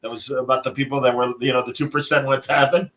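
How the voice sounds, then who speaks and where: A man co-hosting a podcast in quick, playful, jokey banter. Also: medium pitch, level tone, fairly bright tone. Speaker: podcast co-host. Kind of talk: casual banter.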